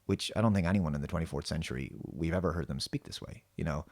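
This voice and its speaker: A man's voice: very deep voice, fast talker, a little mellow. A man hosting his own show, rambling through a critical TV episode review with many restarts and fillers. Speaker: show host.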